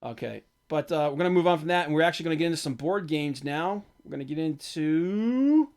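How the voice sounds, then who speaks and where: A man hosting a podcast, talking about tabletop games in a halting, low-key way. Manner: halting, many fillers and restarts, low-key. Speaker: podcast host.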